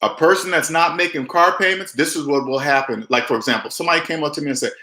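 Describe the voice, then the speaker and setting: A man giving emphatic personal finance advice straight to camera, mimicking people with big jumps in pitch. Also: fast, bright, forceful tone, reverberant. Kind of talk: direct-to-camera advice talk.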